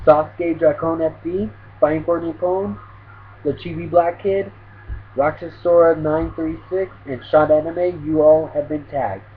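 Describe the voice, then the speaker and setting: A man's voice: on the high side, steady tone, a little slow, narrow, tinny audio, slight background noise. A man casually chatting through an anime tag video as a vlogger, rambling with lots of fillers.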